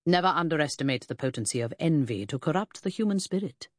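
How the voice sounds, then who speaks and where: A pompous, brusque middle-aged male detective, as a woman reader puts him on, lofty and pedantic in a storybook reading. The voice sits low and husky, with a lively rise and fall on each grand phrase. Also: fast talker, dry recording, clean studio sound. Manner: lofty, formal and clipped. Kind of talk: audiobook character reading.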